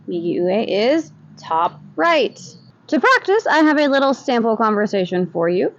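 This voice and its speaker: High-voiced upbeat woman teaching. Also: muffled recording. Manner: upbeat, explains slowly and clearly. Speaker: Japanese teacher. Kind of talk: recorded language lesson.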